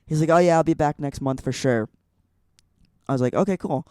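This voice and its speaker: He's a young podcast guest from Illinois, casually rambling through a personal story full of "like" fillers. His voice is fairly high and fairly quick, dark yet clean in tone.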